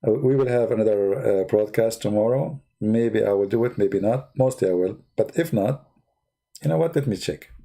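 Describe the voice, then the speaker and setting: A man hosting a livestream, retelling a story in a mocking, animated way in loose, nonstandard English. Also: on the low side, normal speed, creaky. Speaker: livestream host. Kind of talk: mocking religious commentary, casual.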